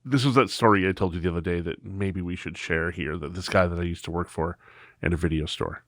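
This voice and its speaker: A man's voice: deep voice, fairly even intonation, a little fast, no room sound, clean studio sound. A man co-hosting a podcast, telling rambling anecdotes in casual chat. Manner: rambling storyteller. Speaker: podcast co-host.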